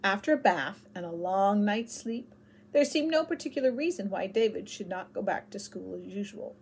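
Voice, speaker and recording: A woman narrating a children's chapter book aloud with expressive storytelling. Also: mid-range voice, a little hiss or hum.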